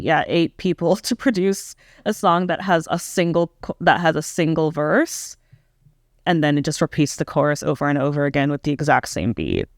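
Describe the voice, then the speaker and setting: A woman's voice: low-pitched, expressive, moderate pace, no room sound, clean studio sound. A young woman giving a casual, candid reaction review of a pop album, hesitant and full of "um" and "like" as she thinks aloud. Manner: candid, self-questioning critique.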